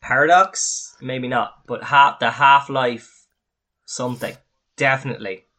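An Irish man chatting on a beer podcast in a clear, bright voice. He rambles through his points, teases his co-hosts and swears when he gets riled up. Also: medium pitch, fairly even intonation, measured pace. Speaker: podcast co-host. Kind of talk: casual beer-tasting chat.

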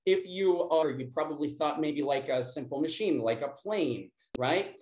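A man leading an interactive class and then a guided breathing exercise, talking deliberately and often checking in with "right?". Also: fairly high pitch, a little mellow. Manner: slow, deliberate, repeats key words and checks in with "right?". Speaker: workshop instructor. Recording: roomy echo.

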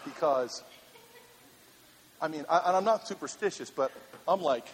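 High-voiced pastor in a big hall. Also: male voice, normal speed, a little hiss or hum. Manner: animated, laughing through a funny story, then earnest. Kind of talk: storytelling sermon. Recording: reverberant hall with faint ambience.

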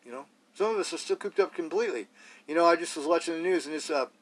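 A man's voice: on the high side, quick pace. Blunt man rambling on a podcast. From Idaho, US. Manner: blunt, raw, rambling, with rhetorical questions. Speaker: podcast host. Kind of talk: solo podcast monologue.

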